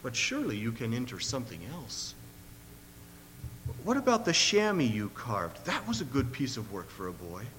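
A man reading the lines of a kind, frank old man who speaks gently and steadily, in a long-echoing hall with a faint hum. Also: medium pitch, wildly swooping pitch, moderate pace. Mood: gentle.

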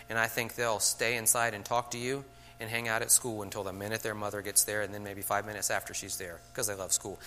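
A man's voice: lowish voice, bright, forceful tone, slight background noise. A man giving a conversational lecture to teachers, checking in with "okay?" after many points and acting out classroom scenes. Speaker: teacher trainer.

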